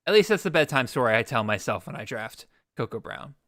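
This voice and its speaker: A man's voice: medium pitch, sing-song, fairly quick, a bit bright, no echo, studio quality. A man hosting a live-streamed fantasy draft, thinking aloud with restarts and playful mock exasperation. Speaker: podcast host.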